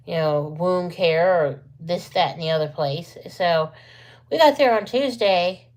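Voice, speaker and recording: Casting: woman vlogger, lowish voice, rambling chatty storyteller, lots of asides. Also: unhurried, a little mellow. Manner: rambling, chatty, full of asides and self-corrections. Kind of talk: casual storytelling to camera.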